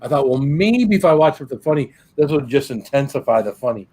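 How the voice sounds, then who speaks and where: A man hosts a livestream in a laid-back, rambling way, leaning on fillers and restarting his sentences. His voice sits at a middle pitch. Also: animated, fast, mellow, breathy edge. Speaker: livestream host. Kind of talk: casual chat.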